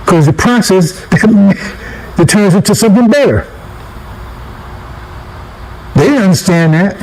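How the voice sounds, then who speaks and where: A man's voice: high-pitched, slow, a little mellow, a little hiss or hum, low-quality recording. A man giving a casual street-style sermon, talking conversationally, repeating himself, chuckling and checking in with listeners with "right?". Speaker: preacher.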